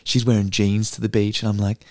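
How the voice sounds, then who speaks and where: A man's voice: lowish voice, little pitch movement, fairly quick, darkish tone, no echo, clean studio sound. A man in his twenties with an Australian accent, telling stories in casual chat, swearing freely and full of fillers. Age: 20s. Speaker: podcast co-host, actor and comedian.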